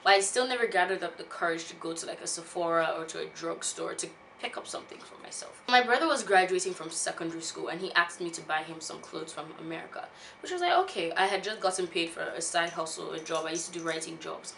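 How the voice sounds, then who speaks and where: A woman in her twenties, a beauty vlogger, telling a personal story in a casual, animated way. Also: on the low side, quick pace, creaky, few pauses, a little hiss or hum. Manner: animated, laughs often while telling.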